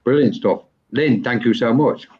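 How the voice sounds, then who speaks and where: A man hosting a live online session and giving a psychic mediumship reading, pausing often and restarting as he searches for words. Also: medium pitch, slightly rough. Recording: dull lo-fi online stream.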